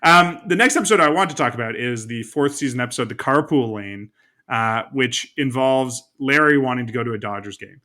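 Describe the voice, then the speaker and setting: A man co-hosting a podcast in a casual, chatty way. His voice is bright and forward, and he walks through episode recaps with easy laughs. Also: medium pitch, a little fast. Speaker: podcast co-host. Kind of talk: casual chat.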